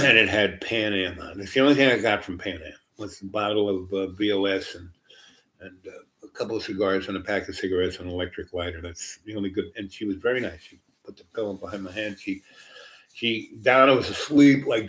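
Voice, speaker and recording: Middle-aged male storyteller, low-pitched, casual and meandering, lots of "you know". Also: fairly bright tone. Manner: meandering, heavy with fillers and restarts. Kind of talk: rambling personal anecdote.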